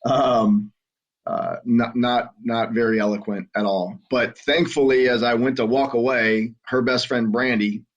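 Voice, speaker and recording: A middle-aged man with a Southern American accent, telling his story as a podcast guest in an earnest, halting way with frequent restarts. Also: mid-range voice, steady tone. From Southern United States. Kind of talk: conversational storytelling. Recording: muffled lo-fi audio.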